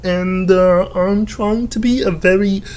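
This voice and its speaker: A man's voice: high-pitched, steady tone, unhurried, a little mellow, a little hiss or hum, voice pushed up. A man voicing an overly polite, proper young man who is his mother's good boy. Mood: prim, polite. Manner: sweet, proper, eager to please.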